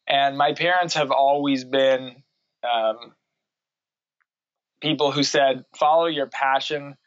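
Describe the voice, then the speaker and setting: A reflective man in his thirties talks through his thoughts as an interview guest, pausing on fillers and laughing lightly. His voice sits at an ordinary pitch. The recording is muffled and very dry, with no room sound. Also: a bit bright, dry recording. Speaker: guest, writer and parent. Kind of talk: casual interview conversation.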